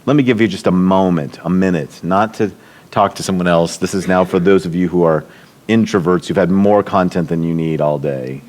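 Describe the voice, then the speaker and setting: A middle-aged man with a deep voice speaks at normal speed during a storytelling talk at a church leadership event. He tells personal stories warmly. To act out what others said, he raises his voice.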